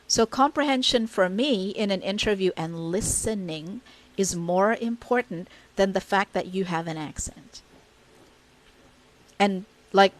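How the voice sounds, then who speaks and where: A woman with a Filipino accent talks through hiring tips in a loose, candid monologue. She is blunt and outspoken, sliding between English and Tagalog mid-sentence. Her voice sits at an ordinary middle pitch. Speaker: virtual assistant hiring interviewer. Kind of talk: casual advice monologue.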